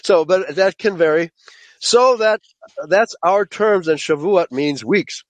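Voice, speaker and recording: A man with a fairly high voice teaches a Bible study lecture to a group. He speaks emphatically, stresses his points, and keeps checking in with his listeners. The sound is dry and close, with no room echo. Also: animated, slow. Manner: emphatic, checks in with frequent "okay?"; addresses listeners as "folks".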